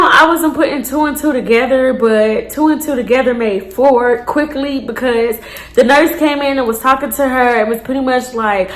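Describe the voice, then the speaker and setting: A young woman casually telling a story to her viewers, animated and blunt, with profane slangy asides. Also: a little high, roomy sound. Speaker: storytime vlogger. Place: indoors, seated on a chair.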